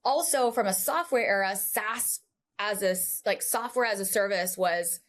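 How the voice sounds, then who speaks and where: A woman guest on a podcast, telling her story in a casual, animated, chatty way full of asides. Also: mid-range voice, moderate pace.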